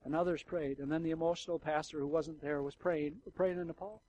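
Male pastor preaching, hushed to loud. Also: on the high side, fairly even intonation, fairly quick, few pauses, slight background noise, low-quality recording. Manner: preaching with wide swings from hushed to loud, ironic asides. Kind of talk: sermon. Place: church sanctuary.

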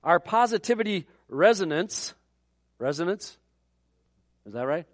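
A man's voice: on the high side, moderate pace, dry recording, studio quality. A middle-aged man preaching a sermon in a conversational way, with joking asides. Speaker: pastor.

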